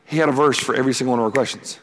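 A man's voice: mid-range voice, racing, fairly bright tone, long reverb tail, slight background noise. A man preaching at a camp, telling a story and acting out the conversations in it. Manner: storytelling, acts out quoted exchanges. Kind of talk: sermon.

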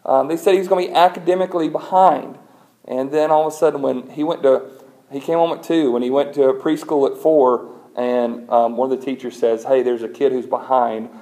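Middle-aged male pastor, mellow dark tone, chatty sermon delivery. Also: mid-range voice, brisk. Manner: conversational storytelling, animated when retelling.

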